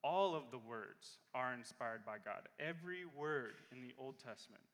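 A man preaching a sermon as pastor in a church, earnest and repeating key phrases slowly for emphasis. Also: mid-range voice, lively intonation, a bit bright, long reverb tail. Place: church sanctuary.

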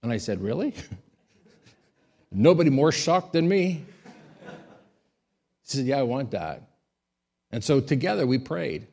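Man preaching a storytelling sermon. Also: mid-range voice. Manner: storytelling, rising to loud emphatic peaks. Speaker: pastor.

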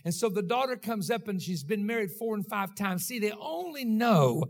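A man with a high-pitched voice preaches a sermon. He speaks in a rhythmic cadence and keeps checking in with his congregation as he drives each point home. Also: lively intonation, normal speed. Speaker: pastor.

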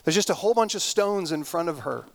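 A pastor preaching a sermon, retelling a story in an animated, conversational way. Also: male voice, high-pitched, fast talker, vocal fry.

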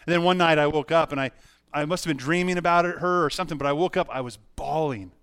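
A middle-aged pastor preaching a sermon, telling a personal story earnestly with frequent restarts. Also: male voice, on the high side, quick pace, fairly bright tone, smooth, no room sound, studio quality.

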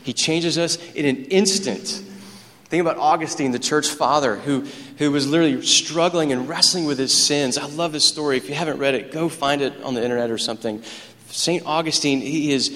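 Male pastor, excitable storytelling preacher, higher-pitched, recorded in a reverberant church hall. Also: a little fast. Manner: animated, storytelling preacher who gets excited. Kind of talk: sermon. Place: church sanctuary.

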